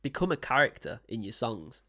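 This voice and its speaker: A man's voice: medium pitch, big pitch swings, moderate pace, pushed and bright. A man who is a singer-songwriter, giving casual, enthusiastic commentary while reacting to a song, rambling with many restarts. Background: song playing faintly.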